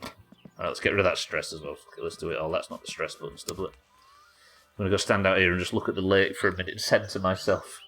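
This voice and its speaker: A man's voice: low-pitched, fairly even intonation, fast, fairly bright tone. A young man from the UK doing chatty, sweary live commentary as he plays, talking to his chat. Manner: chatty, sweary, talks to chat while working. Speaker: streamer.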